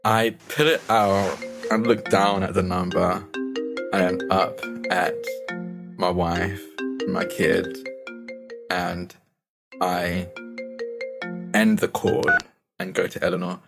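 A man's voice: low-pitched, level tone, slow, creaky, long pauses, loud music behind the voice. A man playing his character in a tabletop game, rambling with lots of fillers. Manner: rambling with many fillers and likes. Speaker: player.

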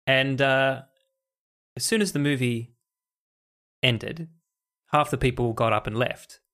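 A man's voice: medium pitch, takes it slowly, fairly bright tone. Swearing man telling a story animatedly. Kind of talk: casual podcast chat about movies.

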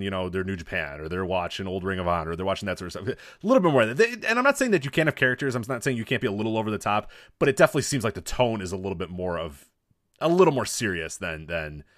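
A man's voice: deep voice, a bit bright, no room sound, clean studio sound. A man co-hosting a podcast in casual, rambling chat with some swearing. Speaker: podcast co-host.

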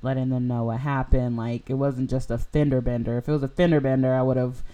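Young woman, podcast host, casual rambling storytelling, mellow voice, monotone delivery. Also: a bass voice, a little fast. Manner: rambling, heavy use of "like" and "you know".

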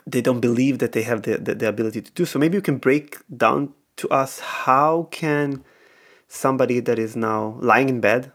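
A man's voice: mid-range voice, moderate pace, a bit bright. Man hosting, searching for words. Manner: searching, rephrases mid-sentence. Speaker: host and coach. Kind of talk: interview questions.

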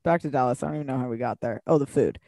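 A woman co-hosting a podcast, talking casually, an animated storyteller who swears freely. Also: rumbling low, very fast, dry recording, clean studio sound. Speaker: podcast co-host. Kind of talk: casual chat.

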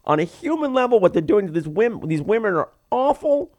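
A man putting on a higher voice for a pious, indignant woman doctor while retelling a film. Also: very animated, brisk, a little mellow, no room sound, clean studio sound. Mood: torn. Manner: indignant, fretful.

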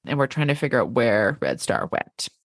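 Brief: thirties woman co-host, low animated voice, dry close mic, laughs easily. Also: moderate pace, creaky, no room sound. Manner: expressive, lively, laughs often, reads quotes aloud. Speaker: podcast co-host and literary agent. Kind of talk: casual podcast chat.

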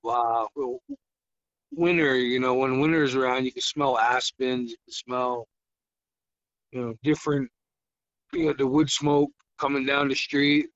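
A man from the Blackfeet reservation telling a ghost story as a podcast guest, halting, with many fillers and restarts. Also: medium pitch, fairly bright tone, dry recording, highs cut off. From Blackfeet reservation, Montana, US.

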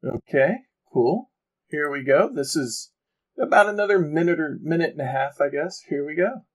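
A man's voice: on the high side, lively intonation, moderate pace. A man co-hosting a podcast in an easygoing, casual way, with plenty of "um"s and "uh"s as he sets up a clip. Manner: easygoing, filler-heavy. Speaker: podcast co-host. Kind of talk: casual chat.

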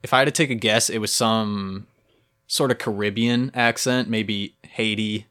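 A man's voice: on the low side, fairly even intonation, measured pace, sharp tone, clear, resonant tone. A young man co-hosting a podcast, telling a story vividly and playfully in casual chat. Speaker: podcast co-host.

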